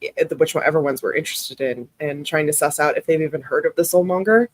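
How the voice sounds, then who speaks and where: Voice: medium pitch, fast talker, a crowd in the background, poor audio. A player in casual chat during a tabletop game, thoughtful and hesitant.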